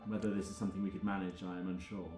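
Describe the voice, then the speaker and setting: Man playing a formal Scottish scholar, lowish voice, roomy sound with music behind. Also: level tone, natural voice. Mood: cautionary. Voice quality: formal, measured, long-winded phrasing.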